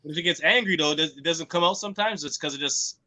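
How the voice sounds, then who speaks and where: A man co-hosting a casual wrestling podcast, eager and quick to jump in with questions. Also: fairly high pitch, noisy background. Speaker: podcast co-host.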